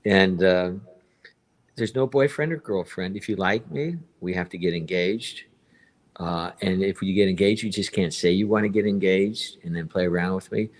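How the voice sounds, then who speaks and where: A man in his fifties with a notably deep, low voice, talking casually on a live stream. He tells his personal story in a rambling way, doubling back over points and repeating himself. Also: normal speed. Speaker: guest telling his story.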